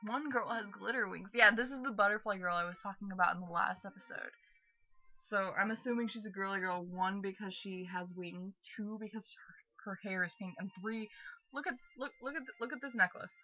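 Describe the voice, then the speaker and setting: A woman's voice: mid-range voice, fairly even intonation, fairly quick, muffled recording. Chatty young woman rambling over a game. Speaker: let's play host. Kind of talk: casual gaming commentary.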